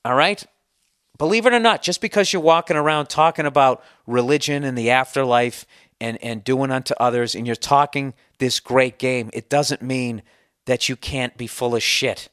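A man's voice: medium pitch, normal speed, fairly bright tone, dry recording, studio quality. Man ranting profanely on a podcast. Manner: profane, sarcastic, heated. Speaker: podcast host. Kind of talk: solo podcast rant answering listener email.

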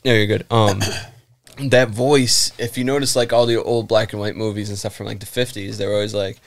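A man's voice: lowish voice, level tone, fairly quick. A man hosting a podcast, casually reading a story aloud and chatting, often laughing and swearing. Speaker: podcast host.

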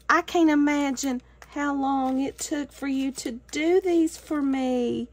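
A woman's voice: high-pitched, fairly even intonation, takes it slowly, hardly any pauses. A woman craft vlogger opening handmade gifts on camera, gushing with thanks and delight. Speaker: craft YouTuber. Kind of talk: casual unboxing vlog.

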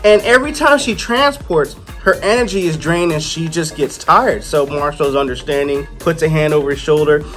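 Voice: mid-range voice, a bit bright. Chatty comic book reviewer over faint music. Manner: loose, chatty retelling with playful asides.

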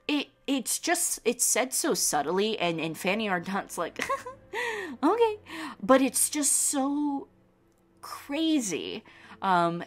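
A young woman with a deep, low-pitched voice talks casually on her podcast, rambling with enthusiasm. She keeps circling back with ums and half-started sentences. Soft music sits faintly in the background. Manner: enthusiastic, rambling with many fillers and restarts. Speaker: podcast host. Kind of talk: casual rambling film talk.

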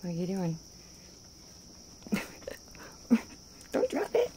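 A woman's voice: fairly low pitch, wildly swooping pitch, very slow, very noisy. A woman who rescues wildlife, talking in sing-song baby talk to her animals and laughing often as she films them on her phone. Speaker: wildlife rehabilitator. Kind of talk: casual talk to animals while filming.

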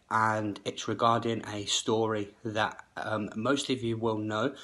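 A channel host speaks directly to the camera in an emphatic, insistent monologue packed with rhetorical questions. His voice is fairly low with a sharp tone.

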